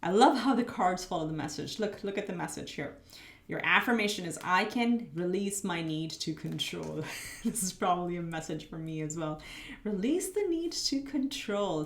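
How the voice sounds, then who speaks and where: Hoarse-edged spiritual tarot reader, woman. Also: fairly low pitch, echoey room. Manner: chatty, spiritual, thinks aloud while laying cards. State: losing her voice, slightly muffled. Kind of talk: pick-a-card tarot reading.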